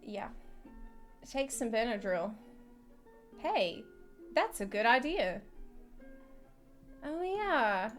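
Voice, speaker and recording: A woman's voice: on the high side, big pitch swings, drawn-out words, pauses often, soft background music. A tired woman streaming, chatting casually and rambling, often breaking into laughter.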